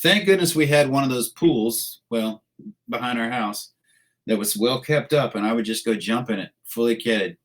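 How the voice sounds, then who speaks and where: A man's voice: mid-range voice, normal speed, low-quality recording. A middle-aged man, a podcast guest in a studio, telling salty, profane anecdotes with laughs in a casual interview.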